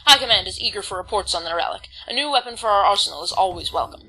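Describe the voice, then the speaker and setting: A woman's voice: medium pitch, expressive, racing, pushed and bright, breathy edge, rough recording. A woman casually commenting on her gameplay, reading on-screen text aloud and stumbling over words now and then. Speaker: let's play host.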